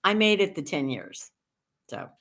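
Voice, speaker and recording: A woman's voice: lowish voice, sing-song, unhurried, fairly bright tone. A woman in her sixties from the United States hosting a casual livestream, chatting in a rambling way with dry humor and answering viewer comments. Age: 60s. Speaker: livestream host.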